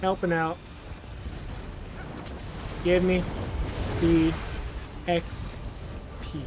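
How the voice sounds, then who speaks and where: A man's voice: high-pitched, flat delivery, drawn-out words, background noise. A man giving casual let's play commentary as he games, talking to himself in a jokey, self-mocking way.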